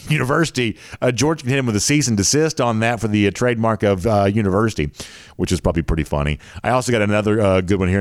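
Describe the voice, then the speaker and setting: A Southern man with a fairly low voice hosts a sports show in loose, chatty fashion. He rambles and pads his talk with fillers. The sound is dry and close. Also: dry recording. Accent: Southern American.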